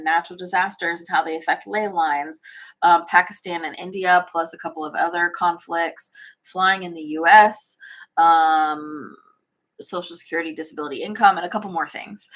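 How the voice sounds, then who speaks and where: A woman hosts a casual livestream from home, reading comments aloud in a bubbly, chatty way. Her voice sits a bit low for a woman, and she yawns often between remarks. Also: a bit bright. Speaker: spiritual channel host. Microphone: phone or webcam livestream.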